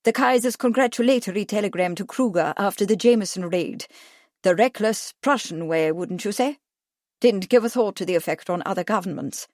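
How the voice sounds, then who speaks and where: A woman reading the lines of an emphatic, pipe-smoking English gentleman. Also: mid-range voice, fairly quick, no room sound, studio quality, close to an everyday voice. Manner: emphatic, exclaiming.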